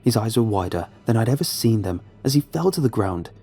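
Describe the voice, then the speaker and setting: A man narrating a horror story in a measured, dramatic way. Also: fairly low pitch, expressive, dark tone, husky, soft background music.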